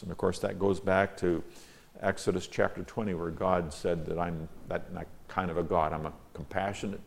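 A man's voice: sits low, normal speed, gravelly. A man giving a verse-by-verse Bible study lecture. He reads scripture aloud and stops to explain Hebrew words, stressing divine names and key words. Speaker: Bible teacher.

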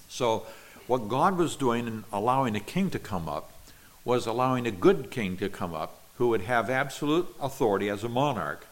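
A man delivers an expository sermon. His voice sits fairly low. He reads scripture aloud and then explains it word by word, like a teacher. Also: poor audio. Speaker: pastor.

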